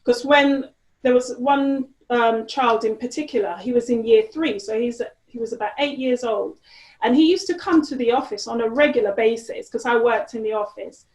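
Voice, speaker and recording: A woman's voice: fairly high pitch, moderate pace, a little mellow. Lady being interviewed, lots of um and you know, kinda echoey room. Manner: chatty, lots of fillers and restarts. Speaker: interview guest. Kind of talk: casual conversational interview. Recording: roomy echo.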